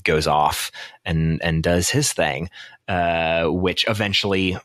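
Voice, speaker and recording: Low-voiced man chatting in a dry room. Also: a bit bright, no echo. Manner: rambling, many fillers, quick asides. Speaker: podcast co-host. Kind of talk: casual movie review chat.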